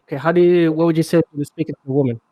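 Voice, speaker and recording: A man's voice: a little high, steady tone, racing, mellow, dry recording. Chatty male language teacher, dry sound. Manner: chatty, checks understanding often. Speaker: Arabic teacher. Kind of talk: casual live online class.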